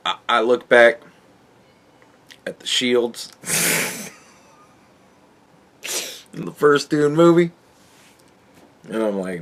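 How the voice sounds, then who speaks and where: A man's voice: mid-range voice, animated, slow, pauses often. A man hosting a podcast, ranting in a casual and profane way, with exasperated outbursts and laughs. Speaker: podcast host reviewing a book.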